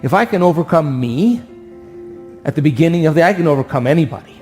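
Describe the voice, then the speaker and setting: A man giving an animated motivational talk to an audience, acting out voices and asking for agreement. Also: a little high, quick pace, soft background music. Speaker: speaker.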